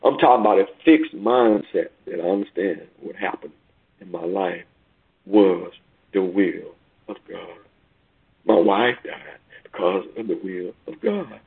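Man preacher, husky and gravelly, heard over a tinny phone line, rhythmic repetition. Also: a little slow. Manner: preaching with swells of pitch and loudness, repeating phrases. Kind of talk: sermon on a call. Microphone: phone call.

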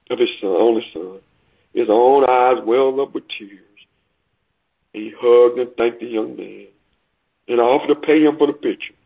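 A man's voice: medium pitch, gravelly, husky. A male preacher telling a story in a sermon, emphatic and often repeating words. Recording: tinny phone-like recording.

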